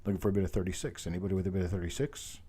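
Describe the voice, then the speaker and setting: A hoarse man, his voice still recovering, hosting a live online coin auction in a folksy, chatty way and calling out bids over and over. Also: low-pitched, fairly even intonation, rapid-fire, warm tone. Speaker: auctioneer host.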